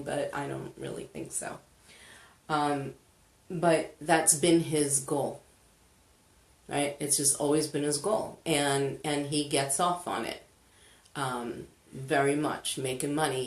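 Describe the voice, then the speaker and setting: Woman, energy healer, live stream, chatty, unhurried, roomy echo. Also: low-pitched. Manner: chatty, slow, greets viewers, laughs often. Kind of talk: live-stream money clearing session. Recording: echoey room.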